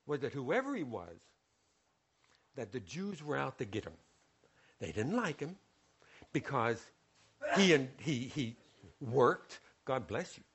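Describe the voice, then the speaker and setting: A male preacher with a fairly high, husky voice delivers a sermon, retelling a scripture story. He's animated and storytelling throughout, acting out its scenes.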